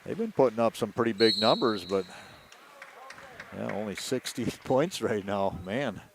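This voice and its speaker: A lowish-voiced man who used to coach gives color commentary on a basketball game. He rambles, stumbles and restarts his sentences. Faint gym noise sits behind him. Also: animated, measured pace.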